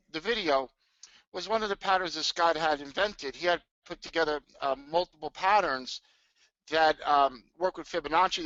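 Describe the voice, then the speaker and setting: A middle-aged man with a high, bright voice hosts a live webinar, hyped and tumbling over his own restarts. The sound is dry and close, caught on a dull, lo-fi webcam mic. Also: dry recording. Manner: excitable, hyped, many restarts. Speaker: trading webinar host.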